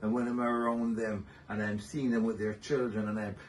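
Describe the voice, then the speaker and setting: An older man speaks in a low voice as an interview guest, his stories gentle and measured. He chuckles often. The mic sits a little off, and a faint hiss runs underneath. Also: flat delivery. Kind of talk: reflective interview storytelling. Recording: somewhat distant mic with faint noise.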